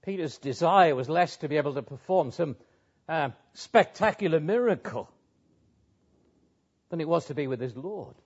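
Male preacher, earnest and emphatic sermon delivery, slightly high voice, muffled lo-fi sound. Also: animated, normal speed, long pauses, darkish tone, breathy edge. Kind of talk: expository sermon. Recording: dull lo-fi sound.

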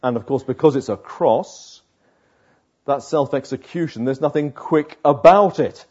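A man preaching a sermon, slow and emphatic, with dramatic pauses between phrases. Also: medium pitch, mellow, slightly rough, highs cut off.

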